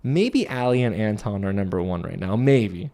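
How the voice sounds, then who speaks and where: A man hosting a casual reality-show recap from a studio set, talking in an animated way and acting out lines in other voices. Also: on the low side, moderate pace. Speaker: TV recap host.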